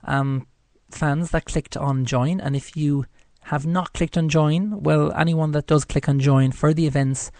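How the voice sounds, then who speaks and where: Irish guy rambling on his own show, lots of you knows, warm low-key tone. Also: steady tone, unhurried, few pauses, dry recording. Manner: chatty, rambling, many "you know" fillers. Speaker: psychic radio show host. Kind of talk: casual solo show chat.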